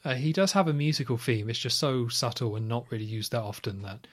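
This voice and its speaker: Chatty man recapping a film. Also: mid-range voice. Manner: retells scenes at length, chatty with quick asides. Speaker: podcast co-host.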